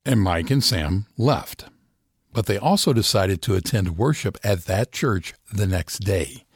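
Gravelly, husky male news narrator. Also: on the low side, lively intonation, measured pace, no echo, clean studio sound.

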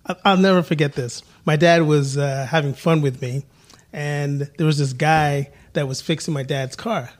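Playful middle-aged man telling stories. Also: on the high side. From England. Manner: playful, laughs often, acts out quotes. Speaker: podcast guest. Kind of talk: casual interview chat.

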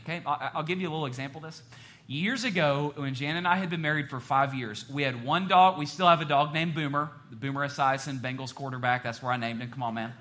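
A middle-aged man preaching a sermon as a pastor, telling stories in an animated way and joking with the audience. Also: on the high side, fast.

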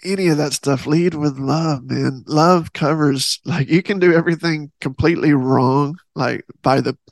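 Man, gravelly voice, rambling earnest podcast talk, dry close sound. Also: on the high side, normal speed, no echo. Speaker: podcast host. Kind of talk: casual faith podcast talk.

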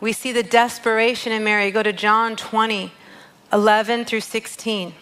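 A woman with a fairly high voice gives a devotional teaching. She speaks in a heartfelt, conversational way and reads scripture passages aloud between her own reflections. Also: level tone, moderate pace, a bit bright, clear, resonant tone, low-quality recording. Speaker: worship leader sharing a devotional.

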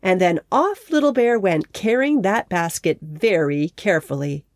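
A woman narrating a children's story in a gentle, measured way. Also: on the low side, lively intonation, no echo, studio quality.

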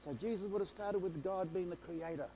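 An excitable male preacher whose voice sits high but has a soft, mellow tone. He retells scripture as an eager story, tripping over and restarting phrases as he goes. A faint hum and light noise run under his voice. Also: a little fast. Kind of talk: sermon.

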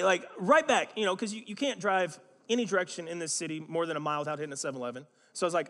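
Rapid-fire, with hardly any pauses, a pastor delivers a sermon in a slightly high, somewhat bright voice. His storytelling is conversational and self-mocking, and the church sanctuary lends a long hall reverb.

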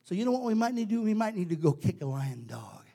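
A man preaches in a casual, conversational way, leaning on repetition for emphasis. His voice sits very high for a man. The delivery stays emphatic and direct. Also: big pitch swings, fast, mellow. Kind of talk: sermon.

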